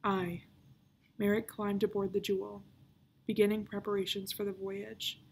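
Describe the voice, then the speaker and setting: A woman, a children's librarian, reading a novel aloud in a calm, even storytelling voice. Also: mid-range voice, moderate pace, gravelly, breathy edge.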